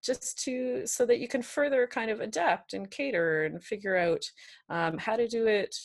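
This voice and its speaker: A woman's voice: on the high side, moderate pace, vocal fry. A woman guest who educates on kink, answering thoughtfully in a casual interview with hedging fillers.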